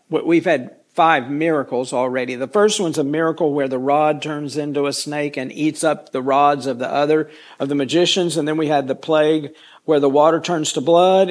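Folksy, rambling man teaching scripture. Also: on the high side. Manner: folksy, rambling, chatty asides. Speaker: Bible study teacher. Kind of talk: casual Bible teaching.

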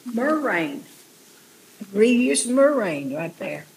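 A woman's voice: fairly high pitch, big pitch swings, takes it slowly, husky. A woman in a Bible class chiming in from the group, heard from a distance. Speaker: class member. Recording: distant, heard from across the room.

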